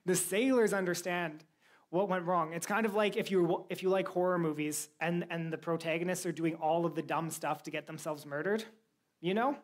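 At a moderate pace and with a fairly low voice, a woman teaches a Bible lesson to a young church group. She tells the story energetically and quizzes her listeners.

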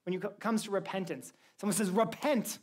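A woman's voice: mid-range voice, fairly even intonation, fast, darkish tone, husky. A woman teaching a Bible lesson to a young church group, telling the story with energy and quizzing her listeners.

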